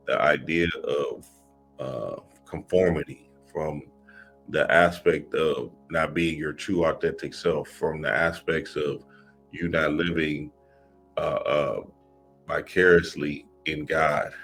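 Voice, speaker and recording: Deep-voiced man preaching casually. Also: a bit bright. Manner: loose, profane, street-casual preaching with restarts. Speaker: spiritual motivational YouTuber. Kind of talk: casual motivational talk.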